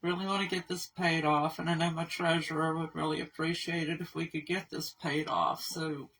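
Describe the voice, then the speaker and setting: A woman's voice: low voice, steady tone, normal speed, fairly bright tone, distant mic, rough recording. A middle-aged woman who runs an animal rescue, talking in a casual video update, emotional and rambling, poking fun at herself. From Kentucky. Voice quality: gravelly, husky. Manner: emotional, tearful, rambling and self-deprecating.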